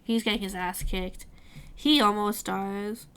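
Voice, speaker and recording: A woman in a casual book club chat, relaxed and agreeable, with hesitant fillers. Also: mid-range voice, measured pace, smooth.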